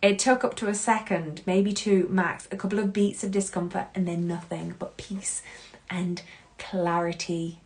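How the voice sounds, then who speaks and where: Earnest, expressive woman podcast host. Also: lowish voice, moderate pace. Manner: earnest, heartfelt and expressive, with swings between loud and hushed. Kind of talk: solo podcast monologue.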